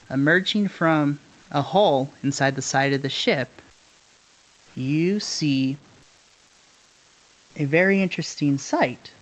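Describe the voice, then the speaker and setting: A man's voice: a little high, fairly bright tone, rough recording. A man narrating a tabletop game as its game master in a laid-back, descriptive way. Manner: laid-back, descriptive, chuckles between lines. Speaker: dungeon master.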